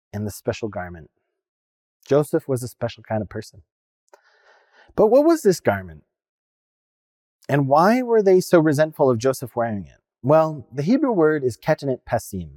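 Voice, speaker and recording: A man's voice: medium pitch, a little mellow, dry recording, studio quality. A non-binary minister with a male-sounding voice, preaching a personal sermon in an earnest, reflective storytelling way.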